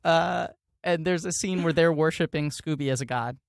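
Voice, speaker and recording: A man's voice: on the high side, moderate pace, gravelly, dry recording. Podcast guy telling a wry self-mocking story, dry close mic. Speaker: podcast co-host. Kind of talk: casual chat.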